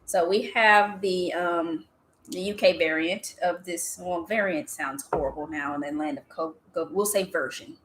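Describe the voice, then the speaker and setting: A woman's voice: on the low side, a little slow, fairly bright tone, slight background noise. A woman hosting a casual beer tasting livestream, laid-back and teasing, reading viewer comments aloud.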